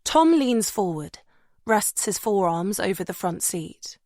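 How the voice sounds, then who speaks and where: A woman narrating an audiobook thriller in a measured, suspenseful way. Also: medium pitch, big pitch swings, darkish tone, no echo, clean studio sound.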